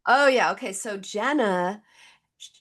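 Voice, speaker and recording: A woman's voice: medium pitch, a little slow, a bit bright. A middle-aged woman, a therapist who is the guest expert, tells stories in a conversational way and acts out the people in them, heard over a video call. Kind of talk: conversational storytelling.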